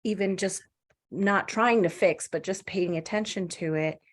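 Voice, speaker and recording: A woman in the group shares her experience in a thoughtful, halting way, her voice trailing off softly at the ends of her thoughts. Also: mid-range voice. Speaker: participant sharing. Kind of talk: casual sharing.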